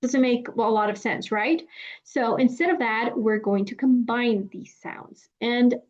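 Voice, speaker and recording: Mexican-accented woman teaching in a muffled recording. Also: on the high side. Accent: Mexican Spanish. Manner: clear, deliberate, stretches out example phrases. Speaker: Spanish teacher. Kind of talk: explanatory lesson. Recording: dull lo-fi sound.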